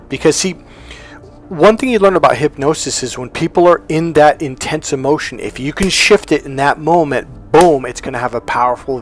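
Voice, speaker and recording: A relationship coach and hypnotherapist shares a personal story as a motivational talk. He's animated, acting out the dialogue with high jumps in pitch.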